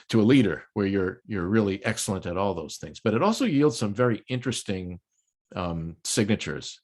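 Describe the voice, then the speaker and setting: An older man from the United States lecturing a project management audience in a conference talk, explanatory with frequent ums and light jokes. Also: fairly low pitch. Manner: explanatory, occasional filler ums, light joking.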